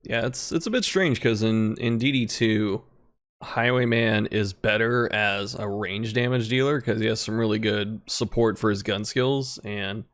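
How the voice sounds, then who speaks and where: A man as a guest in a casual video game discussion, relaxed and laughing easily as he talks. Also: lowish voice, measured pace. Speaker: guest content creator.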